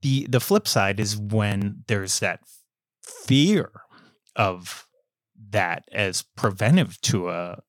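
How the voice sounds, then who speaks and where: Animated American man, dry close sound. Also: fairly low pitch, no room sound. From United States. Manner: animated, stammers and restarts often. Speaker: guest author. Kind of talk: casual interview chat.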